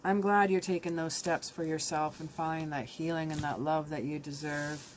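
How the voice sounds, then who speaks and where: A woman's voice: low voice, fairly even intonation, normal speed, slight background noise. A woman giving a casual, heartfelt tarot reading that speaks straight to the viewer. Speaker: tarot reader.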